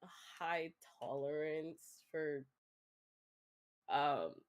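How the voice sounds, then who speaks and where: A woman streamer talks with a guest in a slow, unhurried way, and her voice sits a little low. She laughs a lot and often restarts her sentences. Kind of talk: casual chat with a guest.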